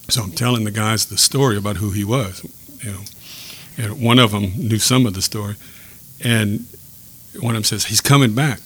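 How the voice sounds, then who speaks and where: A man sharing a personal faith story in a podcast chat, earnest and reflective, pausing and restarting as he speaks. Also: fairly low pitch, a bit bright. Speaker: guest telling a faith story.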